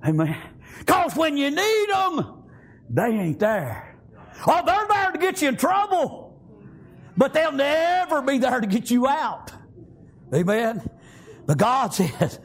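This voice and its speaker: A middle-aged man preaching a sermon, shouting in bursts, with folksy grammar and frequent amens. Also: extremely high pitch, big pitch swings, unhurried.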